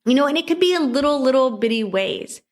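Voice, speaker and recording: A woman's voice: sits high, expressive, quick pace. A middle-aged woman hosting a motivational solo podcast, upbeat and encouraging, with repeated exhortations and rising emphasis. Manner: repetitive exhortations. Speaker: podcast host.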